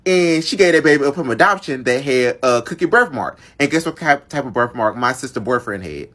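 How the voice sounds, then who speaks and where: A man's voice: mid-range voice, expressive, fairly quick, fairly bright tone. A young man narrating a dramatic family story to his viewers in a chatty, casual storytime style. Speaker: storyteller vlogger.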